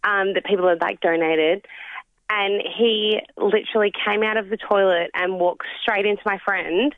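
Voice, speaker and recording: A woman calls in to a radio show and tells an animated story. Her voice comes through a tinny, phone-like line. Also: mid-range voice, moderate pace. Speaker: caller.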